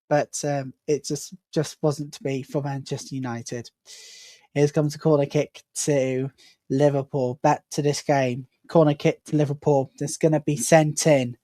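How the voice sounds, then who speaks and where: A woman hosting a live football watchalong, giving chatty play-by-play and building excitement whenever an attack comes. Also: low-pitched, no echo. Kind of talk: live match commentary.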